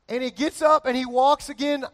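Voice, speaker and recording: Pastor guy preaching, high voice, lively and jokey, punches up his lists. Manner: animated, builds emphasis with lists and jokes. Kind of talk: sermon. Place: church.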